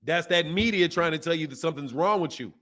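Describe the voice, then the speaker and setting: A man in his forties with a fairly high voice goes on a casual, animated rant. He repeats his points again and again and breaks into laughter often. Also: quick pace. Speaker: boxing channel host.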